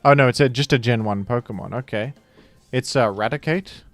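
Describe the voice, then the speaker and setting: A young adult man streams a guessing game, playfully chatting, laughing often and throwing in mock British accents for jokes. His mid-range voice is fairly quick, with no echo and soft music in the background.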